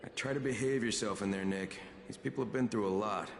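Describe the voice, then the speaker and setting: A man's voice: fairly low pitch, quick pace, vocal fry, a little hiss or hum. An actor playing a grave, grieving male survivor leader who had to kill a friend. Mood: stern. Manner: grave, emotional.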